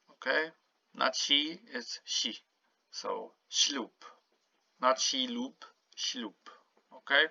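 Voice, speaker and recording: Slow gravelly man teaching pronunciation. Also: medium pitch, pushed and bright, dry recording. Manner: slow, patient, repeats words to model pronunciation. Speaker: Polish language teacher. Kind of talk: casual spoken language lesson. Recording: dull lo-fi home recording.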